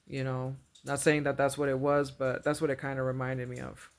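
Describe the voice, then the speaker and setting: A woman's voice: extremely low pitch, flat delivery, a little fast. A woman casually retelling a dream, rambling and earnest, packing her speech with fillers and repeated phrases. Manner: rambling, full of "like" and "you know", repeats phrases; earnest and religious. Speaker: vlogger recounting a dream. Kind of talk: casual storytelling.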